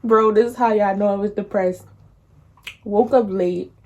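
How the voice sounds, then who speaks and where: A young woman tells a breakup story in casual slang, laughing often and acting out quotes in a higher voice. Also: steady tone, a little slow, a little mellow. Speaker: vlogger.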